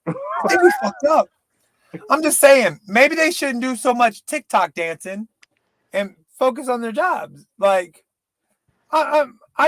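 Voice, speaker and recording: A man in casual, profane podcast chat, rambling and slipping into quick impressions. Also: extremely high pitch, fairly bright tone, no room sound. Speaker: podcast co-host.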